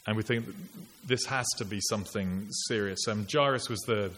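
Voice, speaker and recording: A man's voice: lowish voice, normal speed, a bit bright. A man preaching a sermon in an earnest, reflective, conversational way, posing rhetorical questions to his listeners. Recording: long church reverb, faint hiss.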